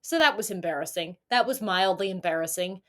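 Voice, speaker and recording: A woman's voice: on the low side, lively intonation, fairly quick. A young woman vlogger telling a storytime rant in a profane, sarcastic, self-mocking way.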